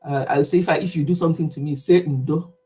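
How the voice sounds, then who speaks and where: A woman's voice: deep voice, fairly even intonation, fast, mellow, breathy edge. A Nigerian woman in her fifties, chatting animatedly to camera in a casual vlog monologue and laughing easily. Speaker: vlogger.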